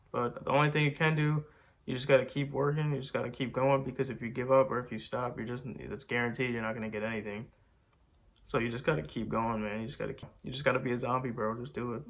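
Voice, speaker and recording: A young rapper answers fan questions in a casual chat, rambling and boasting with slang like "bro" and "man." His voice is mid-range, and the audio sounds dull.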